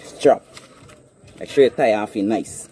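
A man's voice: lowish voice, a little slow, warm tone, slight background noise. A man with a Guyanese accent, filming himself on a phone outdoors and explaining a trap step by step, often checking that viewers understand. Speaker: hunting vlogger. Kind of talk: casual outdoor demonstration. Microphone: phone camera.

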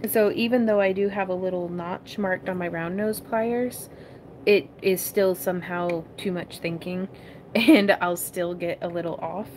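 A woman's voice: lowish voice, fairly even intonation, measured pace, darkish tone, slight background noise. A woman hosting a casual crafting tutorial livestream from her home craft room. She chats with viewers, giggles often and calls them y'all.

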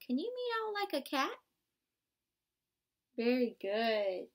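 A young student teacher reads a picture book aloud to small children in a high-pitched voice with big swings in pitch. She goes slowly and pauses often, inviting the kids to join in, encouraging them, and gasping to play up the surprises.

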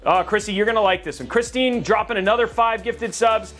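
A man's voice: high voice, fairly quick, a bit bright, soft background music. A man from California hosting a PC-building livestream, rambling and joking as he reads out chat. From California, USA.

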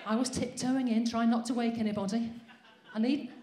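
A woman's voice: fairly high pitch, steady tone, brisk, mellow. A woman doing a brash, sweary, self-mocking stand-up set on a comedy club stage. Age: 40s. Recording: roomy live venue sound.

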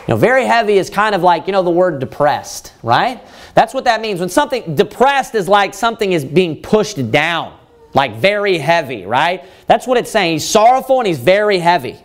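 A man, a pastor, preaching a Bible study sermon, reading verses slowly and then explaining them in plain words, rising in force to stress his points. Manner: rises in pitch and force when stressing points.

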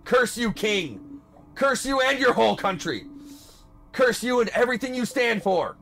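A man voicing a young male hero who screams and pleads frantically, high and loud. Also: lively intonation, unhurried, vocal fry, soft background music, full character voice. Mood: desperate.

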